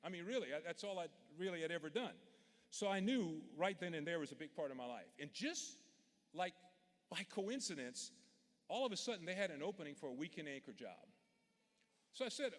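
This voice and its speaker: Speaking a little fast in a high-leaning, expressive voice, this commencement speaker from Louisiana shares stories with a folksy, sincere directness. The address takes place in a big indoor arena, whose long reverb colors the sound.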